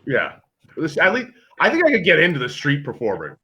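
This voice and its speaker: A man co-hosting a casual game night chat, reading out questions and telling animated stories with acted-out voices. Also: a little high, brisk, faint music behind. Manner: animated storyteller, acts out voices. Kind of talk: casual chat on a video call. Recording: dull lo-fi call audio.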